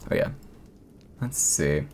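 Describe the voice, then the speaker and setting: A man's voice: slow, a little mellow, slight background noise. A young man live-streaming, chatting casually with viewers in a rambling, profane way. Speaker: streamer reading horror stories.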